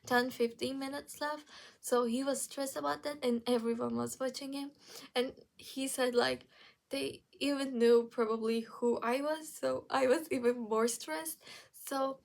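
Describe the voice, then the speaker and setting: A young woman recaps shows she has watched for her vlog, rambling easily with plenty of fillers and restarts. Her voice sits a little high and carries a gravelly fry. She takes her time, talking at a slow, unhurried pace. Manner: chatty, lots of fillers and restarts. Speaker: vlogger.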